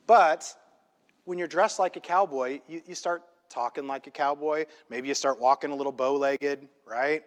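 A male pastor preaching a sermon in a church, emphatic and conversational, often checking in with a quick "right?". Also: fairly high pitch. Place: church sanctuary. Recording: long hall reverb in a church.

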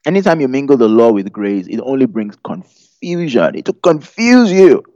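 A man's voice: mid-range voice, sing-song, moderate pace, darkish tone, no echo. A man preaching a conversational sermon, chatty and humorous, often putting questions to the audience. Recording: dull lo-fi sound.

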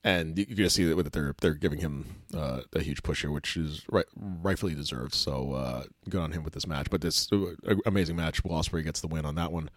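A man co-hosting a casual chat show, excitable and halting, full of fillers and restarts. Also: extremely low pitch, no room sound, studio quality. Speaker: podcast co-host.

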